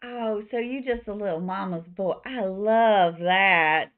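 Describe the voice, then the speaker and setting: A woman's voice: mid-range voice, slow pace, lightly acted. Woman doing a flirty bearded barkeep with a Southern drawl. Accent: slight Southern US. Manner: flirty, drawling, sweet-talking. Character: small bearded flirty female tavern keeper. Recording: tinny phone-like line.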